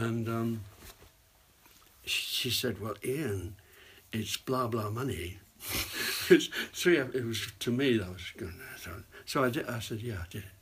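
An older man, an actor, telling rambling anecdotes in an interview and dropping into hushed asides. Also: mid-range voice, a little slow, breathy edge. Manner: rambling storyteller, drops to hushed whispers for asides. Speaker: actor guest.

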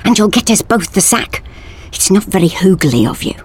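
A woman's voice: mid-range voice, very animated, moderate pace, a little mellow, husky. A woman voicing a blunt, practical male factory worker who talks to his friend in a chummy, exasperated way.

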